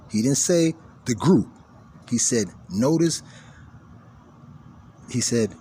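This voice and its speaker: A man giving a spiritual teaching monologue, repeating key phrases and swinging between hushed lines and forceful emphasis. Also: medium pitch, animated, slow, pauses often, slight background noise.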